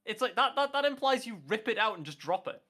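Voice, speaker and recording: A British man reading a news story aloud on a casual group chat show, animated and swearing freely, laughing as he reads. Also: very high-pitched, fast talker. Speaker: podcast guest.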